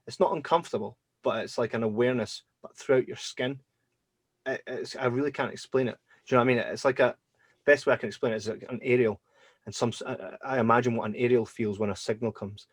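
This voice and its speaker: Guy hosting a podcast, chatty and animated, dry close sound. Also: medium pitch, no room sound. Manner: animated, acts out his own past reactions. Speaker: podcast host. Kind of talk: casual storytelling chat.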